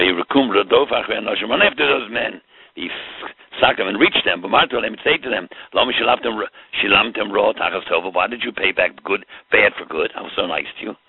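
A man's voice: on the low side, gravelly, breathy edge, no room sound. A man teaching a Torah class, explaining with rhetorical questions and mixing in Hebrew terms. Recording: tinny phone-like line.

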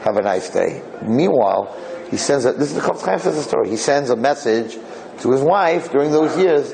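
A man's voice: medium pitch, animated, brisk, gravelly, darkish tone, rough recording. A man telling a long folk parable in a casual, digressive way, jumping into different characters' voices. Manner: rambling, digressive, acts out characters. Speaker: storyteller.

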